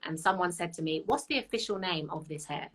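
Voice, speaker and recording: A young woman, a guest on a live-stream chat, speaking in an earnest and measured way. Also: lowish voice, lively intonation. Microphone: video call.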